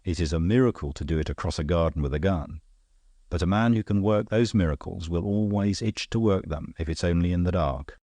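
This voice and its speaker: A man voicing a cool, worldly gentleman detective who speaks in a calm, dry, knowing way. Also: deep voice, fairly quick, no room sound. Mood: wry.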